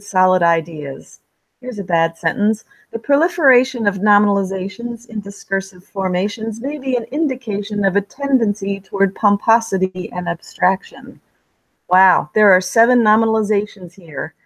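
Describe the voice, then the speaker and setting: A woman explains writing tips in a steady, measured voice at a middling pitch. She reads her examples out plainly and sometimes stumbles over a word. The recording is dry and close, with no room sound. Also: no echo, poor audio. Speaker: writing instructor. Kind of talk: scripted instructional narration.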